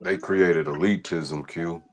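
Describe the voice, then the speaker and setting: Very deep man, slow and measured. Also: steady tone, background noise.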